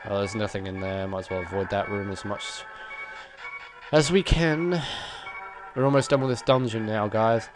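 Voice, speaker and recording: A man with a fairly low voice talks through his gameplay in a loose, rambling way, chuckling as he goes. His nose sounds stuffy. Game music plays clearly behind him. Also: steady tone, moderate pace, poor audio. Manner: chatty, rambling, chuckles often. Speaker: let's play gamer. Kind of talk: casual gameplay commentary.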